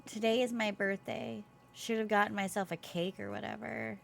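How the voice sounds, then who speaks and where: A woman streamer reading aloud the inner thoughts of a gloomy, self-loathing young student from a video game, in a flat, downbeat way. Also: mid-range voice, moderate pace, gravelly, slight background noise. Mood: glum.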